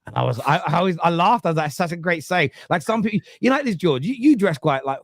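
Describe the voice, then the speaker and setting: Swearing East London football podcaster. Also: male voice, fairly high pitch, fast, dry recording, clean studio sound. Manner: animated storyteller, swears freely, acts out quotes. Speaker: podcast host. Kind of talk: casual football podcast chat.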